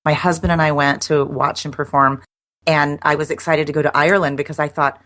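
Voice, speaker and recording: A woman's voice: deep voice, steady tone, quick pace, a bit bright. A middle-aged woman guest chatting in an interview, talking in a loose, self-deprecating way with frequent restarts. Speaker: guest, copywriter. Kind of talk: casual interview chat.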